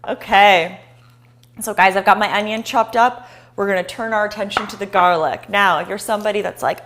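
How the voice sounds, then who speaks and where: A woman's voice: medium pitch, fairly quick, fairly bright tone. A woman hosting a live cooking show, chatting and encouraging viewers as she chops.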